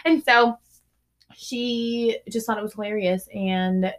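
A woman in a casual chat, telling an animated story, acting out what people said and using plenty of "like". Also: a little high, slow pace. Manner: animated storyteller, acts out quotes, heavy "like" filler.

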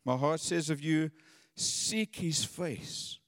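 A man's voice: fairly high pitch, takes it slowly, no echo, studio quality, long reverb tail. A man preaching a sermon in an earnest, conversational way, often repeating his words.

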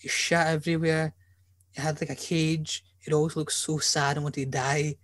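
A man's voice: fairly high pitch, little pitch movement, normal speed, a bit bright, no room sound. Joking man hosting a podcast. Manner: joking, rambling storyteller, swears freely. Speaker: podcast host. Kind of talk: casual chat.

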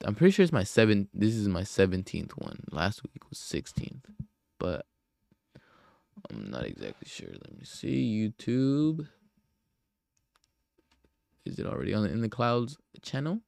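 Gravelly low-voiced young man rambling. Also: wildly swooping pitch, measured pace, long pauses, darkish tone, no echo. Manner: rambling, profane, self-deprecating. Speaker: podcast host. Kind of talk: casual solo podcast monologue.

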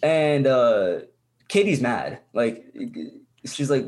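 A man's voice: mid-range voice, animated, moderate pace, a little mellow, a little hiss or hum. Rambling young man telling a story. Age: young adult. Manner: rambling, profane, full of "like" and restarts. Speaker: podcast co-host. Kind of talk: casual chat.

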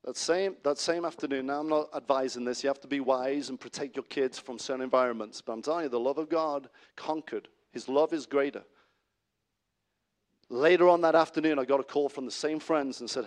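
A middle-aged man preaching a sermon as pastor, animated and swinging between loud exclamations and soft asides, with frequent restarts. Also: medium pitch, a little fast.

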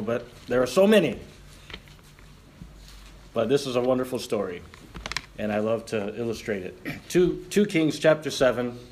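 A man preaching a sermon as pastor, joking with the congregation and reading scripture aloud in an animated way. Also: mid-range voice, a little hiss or hum.

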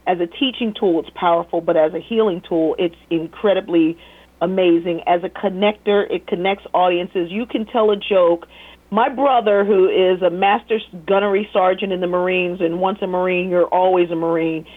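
A woman, a former teacher, telling stories in a lively casual way as an interview guest, laughing often. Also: fairly low pitch, moderate pace. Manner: animated, laughing storyteller who mimics voices. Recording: tinny phone line.

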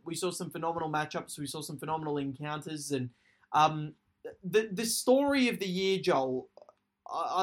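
Podcast host: man, somewhat high-pitched, casual and enthusiastic, talks in long run-on stretches. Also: a bit bright. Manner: rambling, enthusiastic recap with fillers. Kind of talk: casual sports podcast chat.

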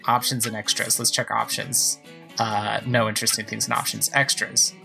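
A man hosting a gaming podcast, chatting excitedly and thinking aloud as he plays. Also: on the low side, normal speed, creaky, rough recording. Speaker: podcast host playing a video game. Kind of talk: casual let's-play commentary. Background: game music.

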